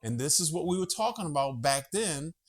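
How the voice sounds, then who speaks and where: A man's voice: a little high, lively intonation, brisk, breathy edge. A man hosting a casual monologue vlog from home, chatty, profane and easily sidetracked. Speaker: vlogger host.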